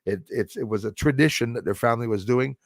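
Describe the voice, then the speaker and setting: Canadian man, livestream host, rambling emphatic talk, middle pitch, dry close sound. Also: fast talker, dry recording. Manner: rambling, emphatic, frequent fillers and restarts; reads out and thanks viewers in chat.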